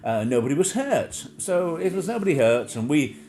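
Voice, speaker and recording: A man talks loosely and jokily on a home live stream, his pitch bouncing all over as he tells stories. Steady noise sits under his voice throughout. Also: moderate pace. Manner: rambling, jokey, mimics others in high shrill voices. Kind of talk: casual chat.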